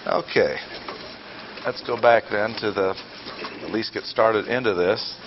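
Speaking on the low side, a little slowly and with long pauses, an older preacher or Bible teacher delivers a teaching sermon. Rhetorical questions come rapidly, punctuated by emphatic outbursts and dry sarcasm, all on a dull lo-fi recording carrying faint noise.

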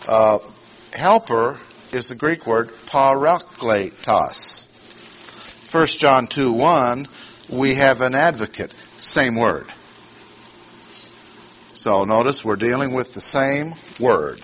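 Slow, deliberate male Bible teacher. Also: medium pitch, animated, fairly bright tone, a little hiss or hum. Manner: slow and deliberate, repeating key words. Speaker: preacher.

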